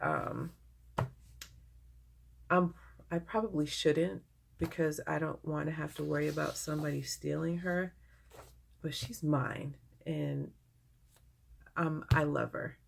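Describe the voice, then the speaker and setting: A woman's voice: low voice, fairly even intonation, unhurried, gravelly, long pauses, slight background noise. A woman giving a casual vlog update, gushing and emotional about her work. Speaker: vlogger.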